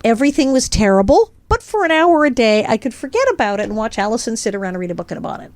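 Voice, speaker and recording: A woman in her sixties, a guest in an interview, telling animated stories and quoting people in acted voices. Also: on the high side, racing, no echo. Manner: lively, quotes people in acted voices, laughs often. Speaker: guest, actress and author.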